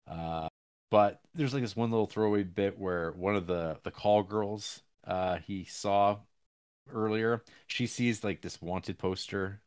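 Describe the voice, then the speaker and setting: Man, lowish voice, rambling film recap, lots of restarts and fillers. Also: a little slow, a little mellow, clean tone. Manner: acts out characters' lines with jumps in pitch.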